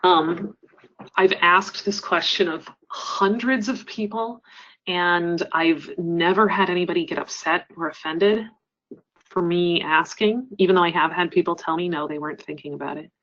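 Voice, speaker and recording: Woman trainer, earnest webinar presenter, lowish voice, dull lo-fi audio. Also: fairly even intonation, moderate pace, a bit bright. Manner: earnest, explanatory, frequent ums. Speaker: crisis center trainer.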